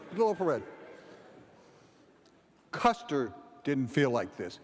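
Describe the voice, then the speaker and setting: A man giving a humorous keynote speech, rambling through a comic story and acting out the dialogue. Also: a little high. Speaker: keynote speaker. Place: large event hall. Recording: long hall reverb, faint background ambience.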